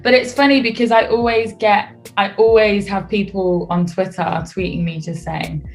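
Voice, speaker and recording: A young British woman, a singer being interviewed on radio, talking in a relaxed, chatty way and laughing easily. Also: mid-range voice, normal speed. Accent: British English. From United Kingdom. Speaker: singer guest. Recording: faint music behind.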